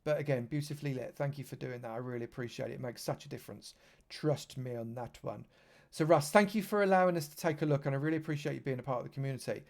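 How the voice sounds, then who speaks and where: A streamer rattles through a live tour of a game server, chatty and lavish with praise for all he shows. His mid-range voice is fast and creaky.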